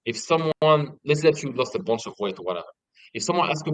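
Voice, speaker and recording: A young man in a casual interview, telling stories in an animated way and swearing often. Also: medium pitch, quick pace, dry recording, poor audio. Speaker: guest.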